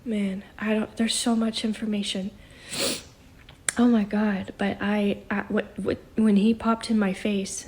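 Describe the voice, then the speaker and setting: A shaken, emotional woman speaking haltingly as a psychic, often dropping into a whisper. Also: medium pitch, a little mellow. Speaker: self-described psychic vlogger. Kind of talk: emotional spoken channeling.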